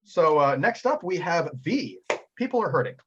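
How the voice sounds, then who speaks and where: A man running a tabletop game as game master, excitable and laughing as he narrates. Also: on the high side, moderate pace, noisy background. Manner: excitable, laughing, full of fillers. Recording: dull lo-fi audio.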